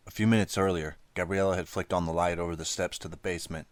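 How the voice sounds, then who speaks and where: A man narrating a teen thriller audiobook in a steady, measured way. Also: deep voice, dry recording. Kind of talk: scripted narration.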